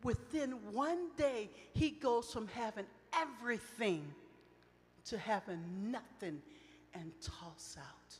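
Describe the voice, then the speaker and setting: A middle-aged woman preaching at a women's retreat, telling personal stories with passion, swinging between loud outcries and soft reflective lines. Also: fairly high pitch, expressive, slow. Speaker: retreat speaker. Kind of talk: emotional sermon with personal storytelling. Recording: long reverb of a large hall.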